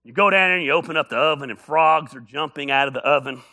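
A male pastor preaching a sermon, telling stories with humor and building up to shouts. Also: on the high side, fast talker.

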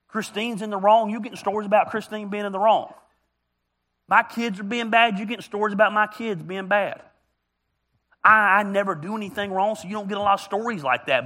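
A man's voice: sits high, pushed and bright. A man preaching a humorous, storytelling sermon as a pastor, joking and teasing his congregation. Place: church auditorium.

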